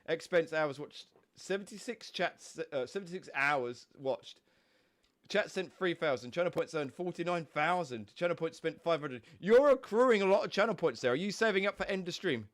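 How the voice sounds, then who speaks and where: A man's voice: high voice, expressive, normal speed. Stuffy-nosed young man chatting on stream. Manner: chatty, rambling, swears casually. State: stuffy nose from a cold. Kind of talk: casual live-stream chat.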